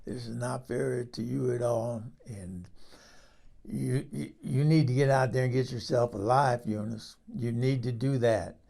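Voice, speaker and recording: A man voicing a much older, plainspoken husband who talks in a quiet, halting way. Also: mid-range voice, fairly even intonation, vocal fry, voice pushed down. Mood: earnest, apologetic.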